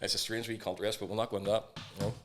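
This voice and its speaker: Man, quick talker, casual podcast banter, swears freely. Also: fairly low pitch. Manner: swearing storyteller, quick and animated. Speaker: podcast co-host. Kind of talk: casual chat.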